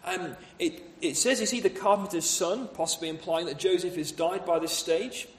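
Male preacher, high-pitched tenor, expository sermon delivery, rhetorical questions, echoey church room. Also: normal speed. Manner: expository, rhetorical questions, acts out voices of townspeople.

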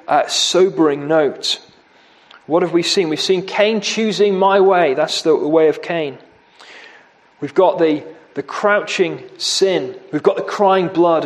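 A man delivers a sermon at an unhurried pace. His voice sits a little high for a man. He speaks gravely and leans on key words by repeating them. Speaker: preacher.

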